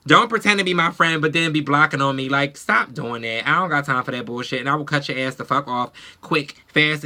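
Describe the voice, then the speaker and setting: A woman's voice: sits low, bright, forceful tone. A woman beauty vlogger in a casual get-ready-with-me chat, talking bluntly and with a lot of profanity.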